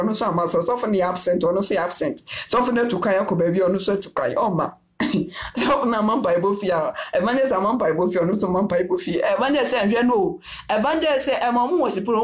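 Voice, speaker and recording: A woman preaches with a fairly high voice, repeating short phrases and driving them home. Her voice rings in an echoey room. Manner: repetitive call-and-response preaching, mixing Twi with English phrases. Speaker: prophetess preacher. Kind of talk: sermon.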